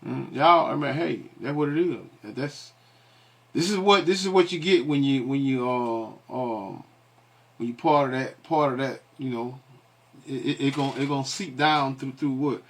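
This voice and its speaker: Husky-voiced man preaching in questions. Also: mid-range voice, normal speed. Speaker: online commentator and preacher. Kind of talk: casual commentary and scripture teaching.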